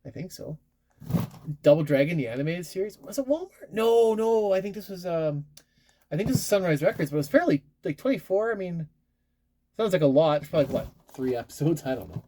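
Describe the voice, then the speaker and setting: This warm-toned, somewhat high male voice belongs to a married adult collector showing off his newest purchases. He chats casually in a rambling, self-deprecating way, often restarting words.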